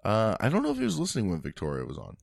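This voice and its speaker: Deep-voiced man, dry close mic. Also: very fast, creaky, dry recording. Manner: relaxed, rambling, swears casually. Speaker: podcast co-host. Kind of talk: casual chat.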